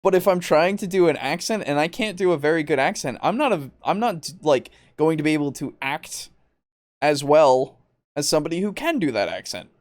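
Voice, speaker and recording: A man's voice: on the high side, animated, a little fast, no echo. A man hosting a podcast, ranting in exasperation, swearing often and laughing mid-sentence. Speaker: podcast host.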